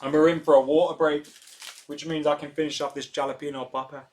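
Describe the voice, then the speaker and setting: A man reacting live to a football match as a fan, getting excitable, swearing and shouting at the referee. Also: on the high side, quick pace, a little hiss or hum. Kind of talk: live match watch-along commentary.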